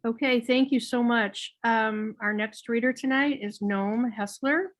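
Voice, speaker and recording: A woman hosting a poetry reading, speaking gently with hesitant fillers as she thanks readers and introduces the next one. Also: fairly high pitch, fairly even intonation, measured pace, poor audio. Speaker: reading host. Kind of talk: event hosting.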